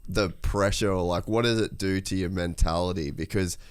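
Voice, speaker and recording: A man's voice: deep voice, steady tone, normal speed, clear, resonant tone, no room sound, clean studio sound. A man hosting a podcast, asking blunt, sweary questions in casual chat. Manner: blunt, sweary, lots of short backchannel. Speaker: podcast host.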